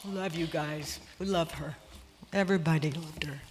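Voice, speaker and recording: A woman's voice: sits low, moderate pace, background noise. Older woman giving a tearful eulogy. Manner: tearful, laughing through emotion. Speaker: sister of the deceased giving a eulogy. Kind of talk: emotional memorial eulogy. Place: church sanctuary. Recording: long church-hall reverb.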